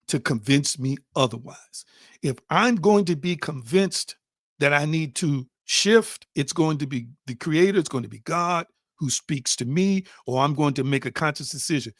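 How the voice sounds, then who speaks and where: A man giving a spiritual teaching with an emphatic, insistent delivery, stressing points by repeating himself. His voice sits a little high for a man. The sound is dry and close, with no room around it. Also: dry recording. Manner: addresses listeners as family.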